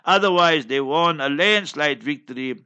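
A man's voice: fairly high pitch, normal speed, sharp tone, highs cut off. An older man with a South African accent hosting a religious talk show, giving emphatic news commentary with scolding asides. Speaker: Islamic radio talk host.

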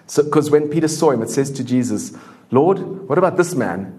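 A man preaching a sermon in a church in a relaxed, conversational way, full of fillers. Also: medium pitch, moderate pace. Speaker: pastor.

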